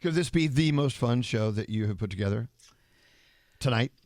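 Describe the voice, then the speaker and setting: Radio host guy, teasing and playful, pitch bouncing all over, dry studio mic. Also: expressive, a little mellow, dry recording. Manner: playful, teasing, quick reactions. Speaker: morning radio show host. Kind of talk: casual radio interview.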